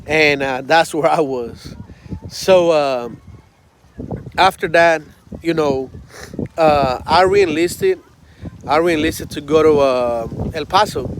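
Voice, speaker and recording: A man in his thirties, an army veteran, tells stories in a loose, casual way full of fillers and swearing. His voice sits a little higher than most men's. Steady noise runs under the recording. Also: slow pace, pauses often. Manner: swears freely, loose storytelling with many fillers. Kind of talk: casual storytelling on a livestream.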